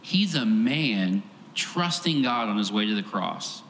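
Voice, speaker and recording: A man's voice: on the low side, expressive, takes it slowly, fairly bright tone. A male pastor delivers a sermon in an earnest, emphatic way, building on repeated phrases. His mid-range voice rings through a roomy church hall with a long reverb. A faint hum of the room sits behind him.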